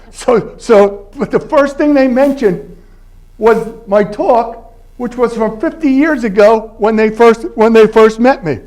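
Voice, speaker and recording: A man's voice: sits high, a little mellow. A man in his eighties, from Philadelphia, giving a university lecture as a guest linguist in a conversational storytelling way, often checking in with the audience with "all right?". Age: 80s. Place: university library event space.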